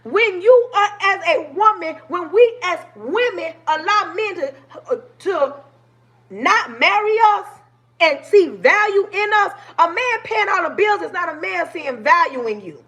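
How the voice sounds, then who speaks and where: A woman's voice: extremely high pitch, lively intonation, a little slow, fairly bright tone. A woman in her forties on a livestream, talking passionately and preachily to her viewers. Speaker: livestream host. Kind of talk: livestream talk.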